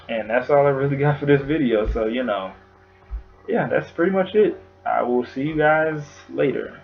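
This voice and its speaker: A man giving an emotional tribute in his vlog, talking haltingly with long pauses, sighs and fillers, close to tears. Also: medium pitch, vocal fry, lo-fi sound, soft background music. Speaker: vlogger.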